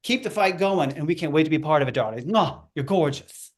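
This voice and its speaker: A man's voice: a little high, animated, brisk. Older guy drag queen on a video call, super campy, darling this darling that. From Indiana. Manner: theatrical, calls everyone darling. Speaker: drag performer. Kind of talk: campy rally speech over video call.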